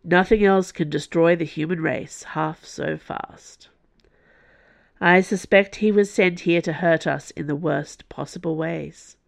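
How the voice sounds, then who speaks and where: Brief: a rough, brooding male musketeer, stiff and deadpan, low-voiced and unhurried, read by a woman. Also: dry recording, clean studio sound. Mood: grave.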